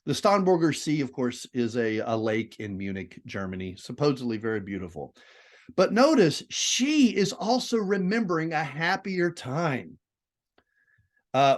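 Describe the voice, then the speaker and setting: A male literature teacher lectures in an animated, digressive way. His fairly high voice leaps up for emphasis and drops to quiet asides. The pitch moves widely from line to line. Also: a little slow. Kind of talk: classroom lecture.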